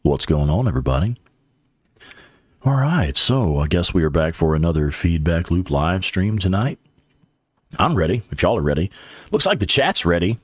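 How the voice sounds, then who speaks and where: A man's voice: deep voice, very animated, moderate pace, pauses often, breathy edge, no echo, clean studio sound. A man hosting a casual live gaming stream, laid-back and joking with his co-host.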